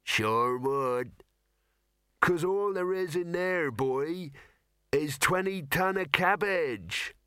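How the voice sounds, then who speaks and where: A man voicing slow, dry old country farmers who drawl in rustic speech. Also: a little high, animated, fairly bright tone, clean tone, dry recording, pitched above the performer's own voice, exaggerated voice.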